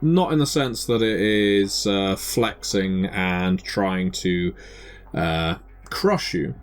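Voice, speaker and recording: A man with a fairly low voice runs a tabletop game, describing the scene at a measured pace. He pauses on fillers as he builds the picture. Faint music plays under his voice. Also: clean tone. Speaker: game master.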